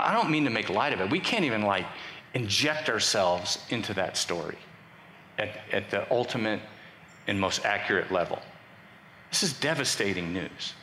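Joking and chatting with the congregation, this pastor preaches in a bright, forceful, medium-pitched voice. There's a little hiss or hum, and the church sanctuary sounds echoey with faint ambience.

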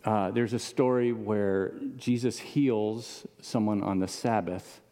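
Male pastor, lowish mellow voice, casual conversational preaching with questions to the room, long hall reverb. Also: steady tone, slow pace. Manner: casual, asks the audience questions. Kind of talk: conversational sermon.

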